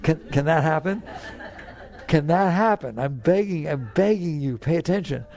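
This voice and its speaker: Gravelly man giving an earnest spiritual talk. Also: a little high, animated, normal speed, a little mellow. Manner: earnest, pleading, repeats phrases for emphasis; acts out anxious inner voices. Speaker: spiritual teacher.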